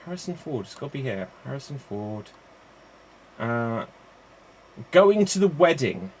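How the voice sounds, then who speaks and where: A man's voice: mid-range voice, very animated, unhurried. A man hosting a live-streamed improv show, chatty and rambling between games.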